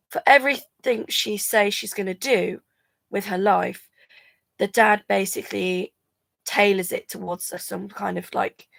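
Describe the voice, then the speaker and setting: A woman's voice: mid-range voice, creaky, no room sound. A drowsy woman chatting casually on a live stream, rambling and yawning between thoughts. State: drowsy from medication. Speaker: vlogger going live.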